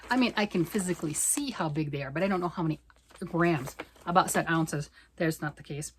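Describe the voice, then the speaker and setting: A middle-aged woman chatting fast and excitedly about knitting, rambling off on tangents. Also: deep voice, a little hiss or hum. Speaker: knitting vlogger. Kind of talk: casual chat.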